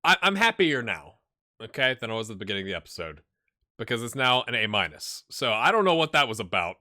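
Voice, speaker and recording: A male gaming host talks through his game in a casual commentary style. His voice is bright and forceful, with a lively pitch that swings up and down. He chats freely and mutters asides to himself. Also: fast talker.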